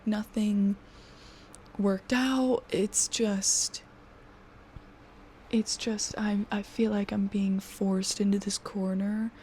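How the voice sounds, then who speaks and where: A woman in her twenties venting to her camera, frustrated and exhausted, swearing and often sinking into a breathy half-whisper. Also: medium pitch, flat delivery, slow pace, long pauses, warm tone, slight background noise. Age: 20s. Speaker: vlogger.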